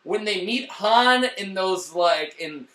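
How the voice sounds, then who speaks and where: A man's voice: high-pitched, slow, echoey room, recorded from a distance. Hoge, heldere man in een galmende kamer. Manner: animated, swearing, acts out lines in loud bursts. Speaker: movie reviewer. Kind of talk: casual review chat.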